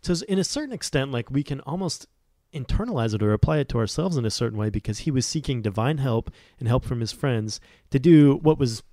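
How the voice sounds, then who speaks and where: A man's voice: mid-range voice, expressive, fast, hardly any pauses, mellow, no echo, clean studio sound. A man guesting on a casual scripture discussion podcast, earnest and rambling, with lots of "like"s.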